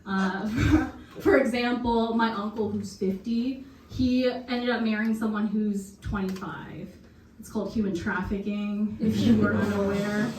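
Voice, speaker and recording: A young woman performing a deadpan stand-up set, laughing at her own jokes. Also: medium pitch, unhurried, a little hiss or hum. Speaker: stand-up comic. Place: basement comedy show. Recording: echoey basement, far from mic, crowd. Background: audience laughter.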